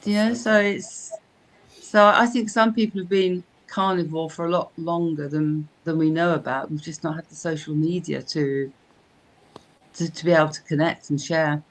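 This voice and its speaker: An older woman from England hosts a relaxed live-stream chat. She tells her stories in a chatty, animated way, stumbling and restarting as she goes. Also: low-pitched, moderate pace. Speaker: host.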